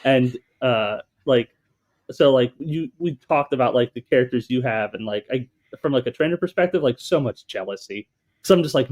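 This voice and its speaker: A man's voice: medium pitch, lively intonation, moderate pace, darkish tone. Jokey man co-hosting a podcast. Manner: jokey, laughing often. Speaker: podcast co-host. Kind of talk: casual podcast conversation.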